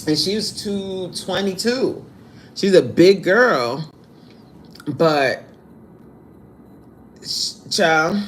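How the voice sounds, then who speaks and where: A man's voice: high-pitched, lively intonation, drawn-out words, long pauses, a bit bright, a little hiss or hum. A man fitness coach on a live stream who reads out viewer comments in a blunt, sassy, scolding way.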